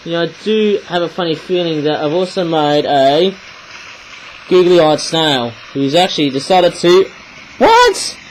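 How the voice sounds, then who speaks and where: A man's voice: a little high, moderate pace, a little hiss or hum, low-quality recording. A man casually reviewing toys, rambling and chatty, often tagging his sentences with "eh?". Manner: rambling, chatty, frequent "eh?" tags. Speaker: toy reviewer.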